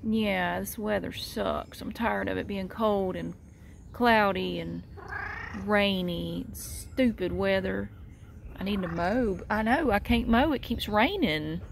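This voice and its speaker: A woman vlogger chatting casually while filming a cat outside, with a drawn-out, easygoing manner. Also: gravelly, slight background noise. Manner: chatty, slow and drawn out, slips into high baby talk for the cat.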